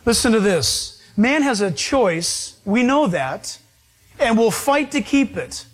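High-voiced man preaching with emphasis. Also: very animated. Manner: emphatic, slows down to stress points. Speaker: pastor. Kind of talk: sermon.

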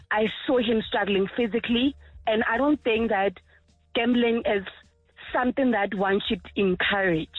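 A woman's voice: medium pitch, no room sound. Woman caller on a tinny phone line. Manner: earnest, halting, repeats herself. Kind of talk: phone-in call.

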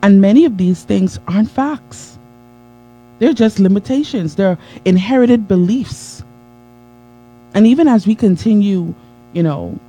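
A woman's voice: mid-range voice, dark tone, poor audio. A woman giving a live-streamed motivational talk in an emphatic, preacher-like way, greeting viewers as she goes. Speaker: motivational speaker.

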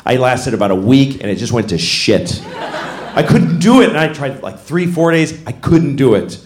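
A man doing stand-up comedy, telling a story in an animated way and jumping into high voices to act out scenes. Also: brisk. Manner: animated, acts out voices with big pitch jumps. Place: comedy stage before a live audience. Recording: echoey venue with audience noise.

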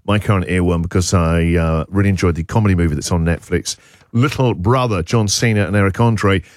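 A man's voice: deep voice, fairly quick, a little mellow, dry recording, studio quality. A man hosting a radio show, chatting with stumbles and asides and reading a listener's message aloud. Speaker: radio host. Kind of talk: breakfast radio chat, reading a listener's text.

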